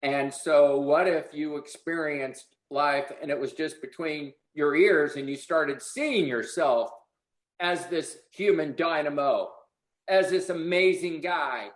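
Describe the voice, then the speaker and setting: Brief: male sales trainer, high-pitched, blunt and preachy, roomy echo. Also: slow. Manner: preachy, blunt, swears casually. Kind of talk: motivational sales coaching.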